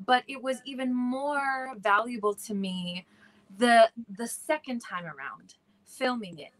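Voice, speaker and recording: A woman's voice: fairly high pitch, a little slow, rough recording. A woman in her thirties, an actor, talking earnestly during a live virtual panel and often searching for words. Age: 30s. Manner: warm, earnest, searching for words with many likes. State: emotional, near tears. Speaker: actor in the play.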